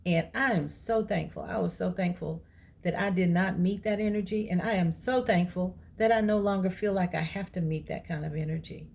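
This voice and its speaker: A woman, chatting to her viewers and retelling an everyday encounter with lively quoted dialogue. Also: lowish voice, moderate pace, gravelly. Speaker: vlogger. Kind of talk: casual storytelling to camera.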